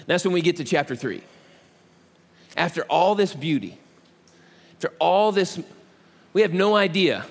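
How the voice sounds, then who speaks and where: A male pastor preaching a conversational, humorous sermon and asking the audience questions. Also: a little high. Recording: echoey hall.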